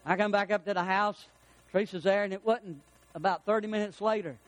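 A middle-aged man preaching a folksy sermon, swinging between loud emphasis and hushed, prayerful passages. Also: high voice, fairly even intonation, fairly quick, no room sound. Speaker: pastor.

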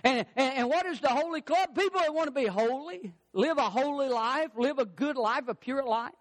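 A man's voice: very high voice, normal speed. An older man preaching a sermon in an emphatic, repetitive preaching cadence, driving points home as a pastor.

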